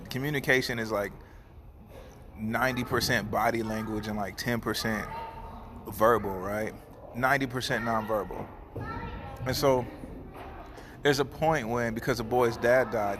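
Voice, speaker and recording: A man speaking casually and sincerely in a middle-pitched voice. He rambles and restarts his sentences, then moves into heartfelt prayer. A steady wash of background noise runs under the recording. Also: moderate pace, long pauses. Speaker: barber and host.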